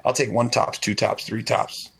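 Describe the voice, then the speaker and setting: A man's voice: fairly low pitch, little pitch movement, normal speed, vocal fry, a bit bright, husky. A man working as a restaurant server, chatting casually on a radio show and acting out bits of dialogue in rambling stories. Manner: frequent restarts and stutters.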